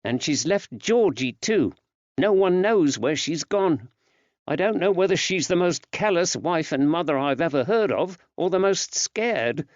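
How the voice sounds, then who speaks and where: A man's voice: on the high side, expressive, unhurried, darkish tone, dry recording, voice pushed up. A man lifts his voice into a fond, fretful wife from an old-time storybook, earnest and chatty, her tone rising and falling a lot. The recording is dry and a little dull.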